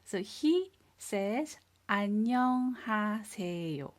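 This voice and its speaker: A woman teaching a beginner language lesson, speaking slowly and clearly, repeating each word and praising the learners. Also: medium pitch, animated. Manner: patient, drills words twice and praises learners. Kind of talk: slow, clear classroom instruction.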